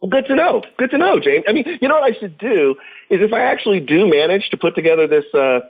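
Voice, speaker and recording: A man chatting as a guest on an interview podcast, telling stories in an animated, jokey way. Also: high-pitched, fast talker, vocal fry, slightly rough, narrow, tinny audio. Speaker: guest drummer. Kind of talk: casual interview chat.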